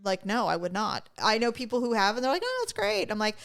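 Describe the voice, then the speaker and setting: A woman co-hosting a podcast, telling funny stories in casual chat with her sister, full of jokes and quick asides. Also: medium pitch. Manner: chatty storyteller, joking, quick asides. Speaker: podcast co-host.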